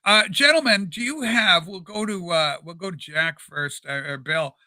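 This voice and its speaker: Male livestream host, high bright voice, rambling and animated, dry desk mic. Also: normal speed, dry recording. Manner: rambling and animated, with many fillers. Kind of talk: casual livestream chat. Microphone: desk microphone.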